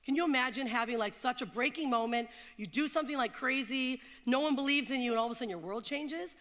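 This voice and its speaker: A woman's voice: high voice, quick pace. A woman in her thirties giving a motivational talk to an audience, telling stories and asking the crowd questions. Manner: animated storyteller, asks the crowd questions. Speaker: keynote speaker. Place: event hall in London. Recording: long reverb of a hall.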